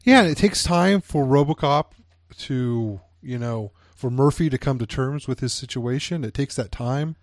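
A man's voice: mid-range voice, normal speed, no echo. Man reviewing films with a dry close sound. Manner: reads quotes aloud, hesitant restarts. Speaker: podcast co-host. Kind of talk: casual film review chat.

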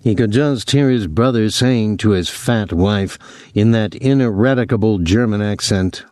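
A man narrating a novel chapter in a measured, steady reading. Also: fairly low pitch, dry recording, clean studio sound. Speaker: audiobook narrator. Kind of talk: scripted narration.

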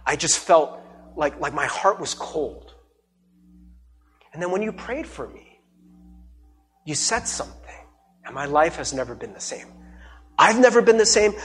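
A male pastor preaching with a lively, swooping voice that sits a little above the usual male range. He tells his story casually, laughs often and slips into the voices of the people he quotes. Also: a little high. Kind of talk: sermon with personal storytelling.

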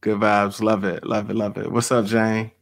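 A man's voice: lowish voice, little pitch movement, normal speed, gravelly. A middle-aged man hosting a podcast, telling stories casually and laughing often as he talks to his audience. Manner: storytelling, laughs often, addresses audience as y'all. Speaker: podcast host and author. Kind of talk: casual livestream chat.

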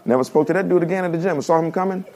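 A man preaching a humorous storytelling sermon to his congregation, animated and laughing at his own stories. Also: a little high, racing, crowd noise. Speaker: pastor. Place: church service before a congregation.

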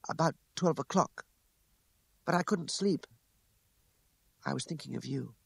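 A man's voice: on the high side, measured pace, vocal fry, husky, dry recording, pitched above the performer's own voice, full character voice. A man reading an audiobook, raising his voice to play a proud young woman who speaks with bitterness and contempt. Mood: faint and weary.

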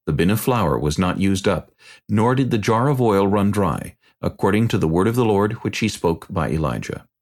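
A man narrating a dramatized scripture reading in a deliberate, measured way. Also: sits low, expressive, darkish tone.

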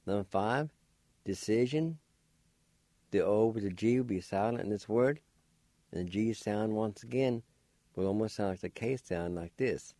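A man's voice: on the low side, moderate pace, pauses often, warm tone, no room sound. A man hosting a radio language lesson, patiently spelling out words syllable by syllable and explaining how to pronounce them. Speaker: language teacher and radio host. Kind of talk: slow spelling and pronunciation lesson.

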